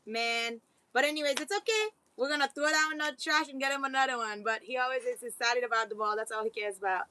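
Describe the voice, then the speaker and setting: Brief: high-pitched woman, chatty spiritual vlog, rambling. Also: fast talker, pushed and bright. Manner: rambling, talks to her dogs mid-sentence. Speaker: vlogger. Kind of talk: casual spiritual chat.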